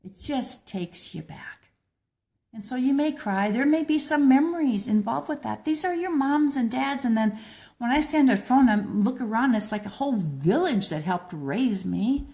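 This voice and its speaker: Mellow-voiced older woman reflecting gently. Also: a little high, lively intonation, normal speed. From American Midwest. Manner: gentle, earnest, with frequent restarts. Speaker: blogger and speaker. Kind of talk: personal reflective talk.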